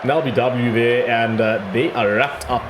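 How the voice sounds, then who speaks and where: A man with a hoarse, worn-out voice giving chatty play-by-play commentary on his own cricket video game, breaking into excited cries at big moments. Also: medium pitch, normal speed, background noise. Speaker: gaming YouTuber. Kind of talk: casual play-by-play gameplay commentary.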